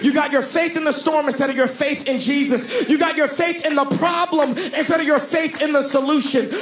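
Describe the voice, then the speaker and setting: A young man preaching a sermon, shouting and half-singing at his peaks, then dropping into quick, quiet joking asides. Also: very high voice, reverberant. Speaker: pastor.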